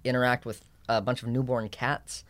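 Young male guest in his twenties, halting and filler-heavy, dry close mic. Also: medium pitch, little pitch movement, a bit bright, no echo. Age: 20s. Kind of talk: casual podcast chat.

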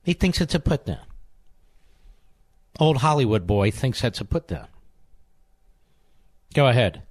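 A man's voice: mid-range voice, very animated, measured pace, breathy edge, dry recording, studio quality. Scornful, sarcastic male radio host. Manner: mocking, sarcastic, repeats insults for emphasis. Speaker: radio talk show host. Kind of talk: combative talk radio monologue. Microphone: studio microphone.

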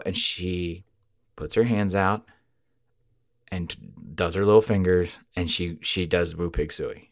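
A man hosting a podcast, telling a rambling, profane story with sudden loud outbursts. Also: sits low, measured pace, pauses often, dry recording, clean studio sound. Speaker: podcast host. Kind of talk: casual storytelling chat.

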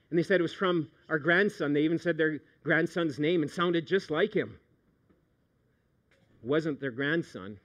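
A middle-aged man, a pastor preaching a sermon, animated, moving from hushed storytelling to loud outbursts. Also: a little high, moderate pace.

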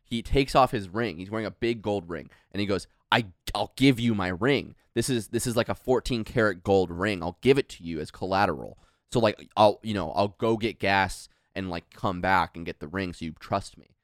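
A man co-hosting a podcast, rapidly recounting a story and quoting the people in it in a casual chat. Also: on the low side, no room sound, studio quality. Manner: rapid, animated anecdote telling with quoted voices. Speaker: podcast co-host.

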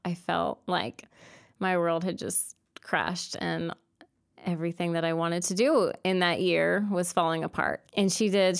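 A woman's voice: fairly low pitch, clean tone. A young woman telling an emotional personal faith story as an interview guest. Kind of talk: testimony interview.

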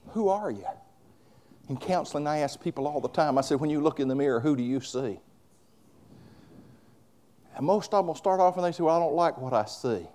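A man's voice: on the high side, warm tone. A male preacher delivering a fervent sermon, moving between conversational asides and hollered declarations.

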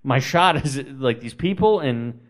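A man's voice: medium pitch, expressive, a little slow. A man co-hosting a sports podcast, telling stories in a rambling way with dry humor and lots of fillers. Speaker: podcast co-host. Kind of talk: casual sports podcast chat.

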